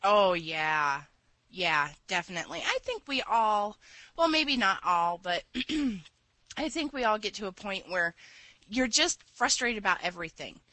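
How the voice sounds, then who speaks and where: A woman co-hosting a casual chat, quick to agree and laugh along. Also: medium pitch, big pitch swings, bright, forceful tone, no room sound, rough recording. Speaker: co-host.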